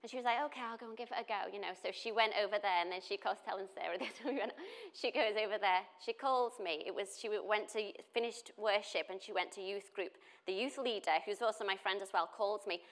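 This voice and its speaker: A woman's voice: mid-range voice, brisk. A woman, preaching in a chatty, storytelling way with frequent laughter. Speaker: pastor. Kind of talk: casual sermon.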